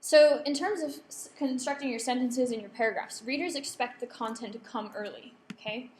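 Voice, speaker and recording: A fairly high-voiced woman delivers a lecture to a room of students, often pausing to check in and poll her listeners. The recording is roomy and echoey, with a faint hum underneath. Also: a little mellow. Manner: checks in with the audience, polls the room. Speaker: workshop presenter.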